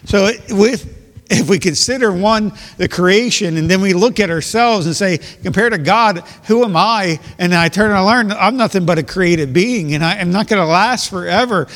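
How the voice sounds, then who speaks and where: A man's voice: high voice, moderate pace, a bit bright. A man preaching as a pastor, explaining scripture with rhetorical questions and reading verses aloud. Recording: long hall reverb.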